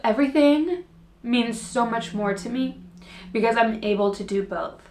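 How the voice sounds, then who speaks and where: Holding back tears, this young fitness creator and mother addresses her viewers directly in a heartfelt to-camera vlog, her voice wavering. She speaks a little slowly with long pauses, in a slightly high, steady voice that echoes around the room.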